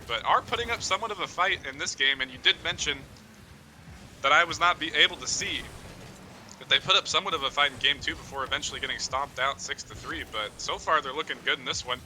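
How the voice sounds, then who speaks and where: A man's voice: a little high, pushed and bright, a little hiss or hum. A young man casting a game on a casual drinking stream, joking and crude in his banter. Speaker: esports caster.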